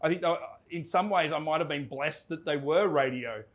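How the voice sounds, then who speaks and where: An Australian man with a fairly high voice tells stories in an animated, laughing way. He often stops and restarts his sentences, like a guest chatting casually in a pub. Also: moderate pace. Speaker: guest, entertainment reporter. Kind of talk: casual storytelling chat.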